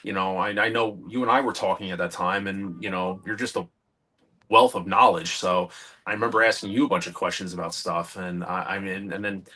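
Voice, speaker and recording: A man's voice: low voice, fairly even intonation, fairly quick, bright, forceful tone, breathy edge. A man in his thirties, a guest collector in a casual interview, telling stories animatedly and acting out the dialogue he quotes.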